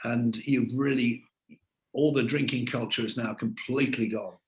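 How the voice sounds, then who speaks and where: An older man from England, a veteran TV presenter, answering interview questions in relaxed, anecdotal storytelling. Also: mid-range voice, normal speed.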